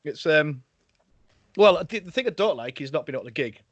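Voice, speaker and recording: A podcast host chats casually over a video call, joking, laughing often and tripping over his words with many restarts. His voice is on the high side, fairly quick and a bit bright, with lively intonation and a breathy edge. The audio is dry and slightly dull, with no room sound.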